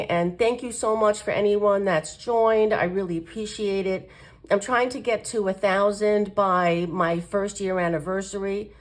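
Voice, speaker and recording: A woman with a nasal, congested voice from a cold, chatting casually to camera as the host of her coloring channel, rambling with ums and restarts. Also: medium pitch. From United States.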